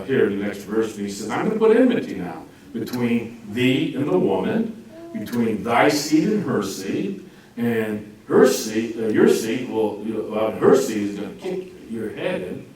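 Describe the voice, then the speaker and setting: A man giving an informal Bible class, joking and acting out quotes in lively swings of voice. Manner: jokey, animated, acts out quotes with lively pitch swings. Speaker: Bible teacher. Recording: roomy echo, speaker far from mic, faint noise.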